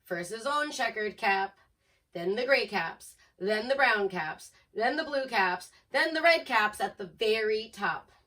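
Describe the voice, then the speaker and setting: A woman reading a picture book aloud to children, expressive and asking listeners questions, heard from a distance. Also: medium pitch, measured pace. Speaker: storyteller.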